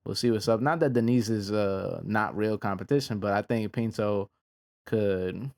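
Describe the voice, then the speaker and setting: A man casually reviewing fight results in a laid-back, slangy way, with frequent pauses. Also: lowish voice, a little mellow. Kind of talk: casual reaction commentary.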